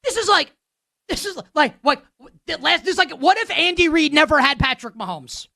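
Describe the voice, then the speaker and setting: A man's voice: extremely high pitch, animated, moderate pace, creaky, pushed and bright, dry recording, studio quality. A man hosting a sports betting show, delivering a heated, sarcastic rant with emphatic repetition. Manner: sarcastic, ranting.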